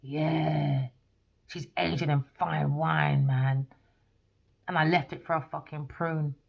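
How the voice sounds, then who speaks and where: A woman's voice: deep voice, fairly even intonation, slow, creaky. Blunt, profane woman. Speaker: tarot reader. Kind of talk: casual tarot reading. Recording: dull lo-fi recording.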